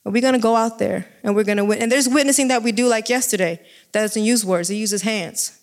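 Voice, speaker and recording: A woman giving an informal sermon with a personal testimony, talking in an excitable, emphatic, chatty way. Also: fairly high pitch, fast. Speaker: devotional speaker.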